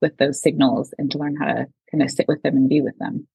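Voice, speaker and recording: A woman guest explaining emotional awareness in a calm, measured way. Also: low voice, creaky, slightly rough, no echo, low-quality recording. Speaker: guest, emotional intelligence educator. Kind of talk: reflective interview talk.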